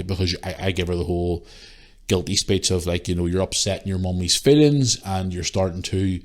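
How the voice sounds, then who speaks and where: A young man, hosting a podcast and telling a story in an animated, swearing rant. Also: low voice, fairly quick. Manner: animated ranting, swears freely. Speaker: podcast host. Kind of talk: casual storytelling monologue.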